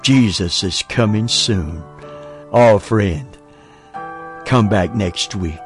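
Slow, emphatic male preacher. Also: fairly low pitch, soft background music. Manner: slow, emphatic preaching with short broken phrases. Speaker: preacher and show host. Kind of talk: sermon.

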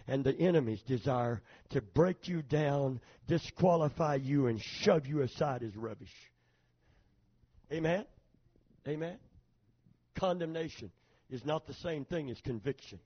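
A man's voice: a little high, slightly rough. A male pastor preaching a sermon, emphatic, calling out for amens from the congregation, on a dull lo-fi recording.

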